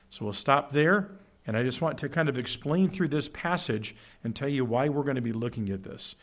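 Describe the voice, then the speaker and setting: A man preaching in a church, teaching from scripture with emphatic, animated delivery and frequent check-ins with the congregation. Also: mid-range voice, normal speed. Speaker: pastor. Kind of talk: sermon. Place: church sanctuary.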